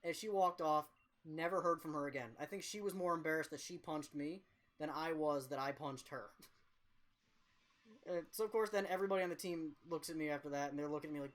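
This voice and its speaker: A man's voice: on the high side, fairly quick, a bit bright. A young man streaming a game, telling a rambling, profane, self-mocking story in casual chat.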